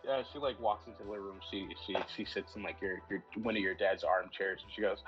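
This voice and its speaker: A man's voice: fairly low pitch, steady tone, fast talker, few pauses. A man narrating a tabletop game as game master, rambling and restarting his sentences. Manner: rambling, repeats words, restarts a lot. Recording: dull lo-fi audio with faint music.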